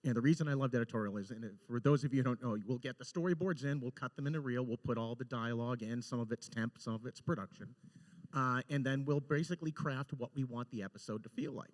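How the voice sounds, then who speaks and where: A man speaking on a convention panel about storyboarding an animated show, telling stories with excitement, restarts and laughter. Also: mid-range voice, fast talker. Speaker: storyboard director on an animated series. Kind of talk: casual panel talk.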